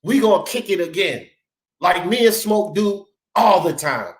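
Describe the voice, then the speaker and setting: Male host, passionate and profane, very lively pitch, roomy echoey sound. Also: a little slow. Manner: fired-up, profane, emphatic, repeats "bro" and "dog". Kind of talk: heated sports talk debate. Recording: roomy echo.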